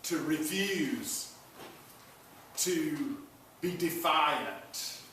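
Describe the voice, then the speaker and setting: A man preaching in a slow, unhurried way with a slightly high voice, teasing his listeners between points. His words ring through a big echoey room, picked up from some distance with faint background noise. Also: lively intonation, sharp tone. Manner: folksy, joking asides to the congregation. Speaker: pastor. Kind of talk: sermon.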